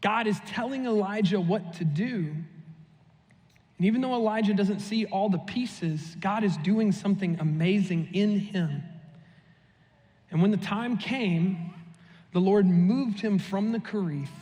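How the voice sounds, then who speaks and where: A young man preaching with a high, light voice, telling stories with dry humor and a loose, chatty flow. His voice carries a long reverb tail through the church sanctuary. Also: measured pace, warm tone. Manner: humorous, conversational storytelling. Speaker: pastor. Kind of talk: sermon.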